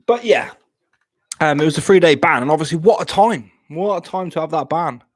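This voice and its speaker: A man's voice: fairly high pitch, lively intonation, a little fast. Chatty man, stammering. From Plymouth, England. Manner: chatty, stammers and repeats words. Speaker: live-streamer. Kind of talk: casual live-stream chat.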